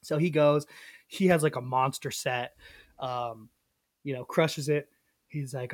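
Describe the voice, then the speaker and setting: A young man, a podcast co-host and comedian, telling a story in a casual, animated way, full of fillers and acted-out quotes. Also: medium pitch, a little slow, long pauses, no echo, clean studio sound. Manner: animated, filler-heavy, acts out quoted voices.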